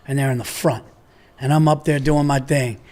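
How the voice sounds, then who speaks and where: A man's voice: mid-range voice, fairly even intonation, normal speed, a little mellow. A middle-aged man, a stand-up comedian, swapping brash, profane stories in a podcast chat. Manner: brash, swearing, emphatic storyteller.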